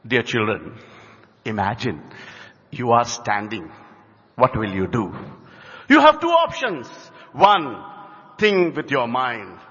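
A man's voice: mid-range voice, very animated, takes it slowly, long pauses, fairly bright tone, husky. A man, a teacher giving an inspirational talk to students, telling stories and acting out dialogue. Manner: storytelling, acts out dialogue. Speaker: teacher and speaker at a spiritual college. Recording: dull hall with long reverb.

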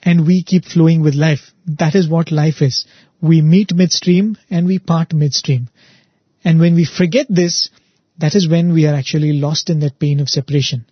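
A man gives an earnest devotional talk and repeats words for emphasis. His voice is fairly high with a husky edge. The recording is dry and slightly muffled. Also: steady tone, moderate pace, dry recording. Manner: earnest, repetitive emphasis, frequent "right?". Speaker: spiritual speaker, show host.

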